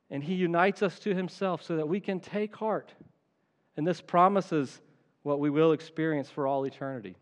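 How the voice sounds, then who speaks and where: A man's voice: a little high, long reverb tail. Earnest man preaching a sermon. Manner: earnest, emphatic, stretches key phrases slowly. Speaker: pastor.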